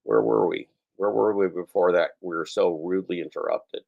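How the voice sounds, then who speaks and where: A man's voice: deep voice, steady tone, normal speed, creaky, narrow, tinny audio. A middle-aged man hosting a podcast, riffing crudely and mockingly on the news, his throat scratchy and his voice worn out from daily shows. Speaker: podcast host. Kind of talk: profane comedic news riff.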